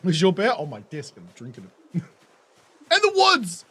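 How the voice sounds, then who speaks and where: Kiwi streamer chatting over gameplay, swears a lot, laughs heaps, real animated voice, faint hiss behind. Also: mid-range voice, unhurried. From New Zealand. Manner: swears freely, laughs often, chatty and joking. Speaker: game streamer. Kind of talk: casual gameplay commentary.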